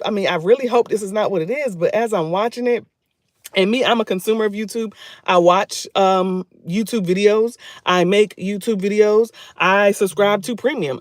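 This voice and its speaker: Speaking in a high-pitched voice, this male YouTube livestreamer talks chattily straight to his viewers and repeats phrases for emphasis. The audio is studio quality with no room sound.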